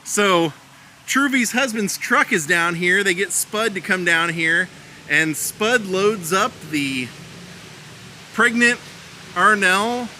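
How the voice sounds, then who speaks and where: A man's voice: sits high, lively intonation, slow, pushed and bright, a little hiss or hum. A man giving a casual tour of film locations outdoors, chatting and laughing as he retells scenes. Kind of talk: casual vlog narration.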